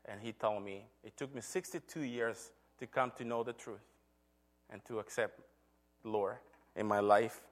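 A man's voice: fairly low pitch, normal speed. Earnest man preaching a testimony. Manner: earnest, storytelling with acted quotes. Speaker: church elder. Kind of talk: sermon testimony.

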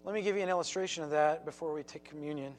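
A man's voice: on the high side, rapid-fire, a little hiss or hum, poor audio. A man preaching a sermon as pastor, telling a story with emphatic repeats and acted quotes.

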